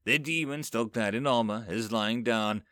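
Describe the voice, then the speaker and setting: A man's voice: moderate pace, no room sound, studio quality. A man narrating a comic first-person fantasy story, voicing its characters as he goes. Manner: lively storyteller, raising pitch for quoted characters.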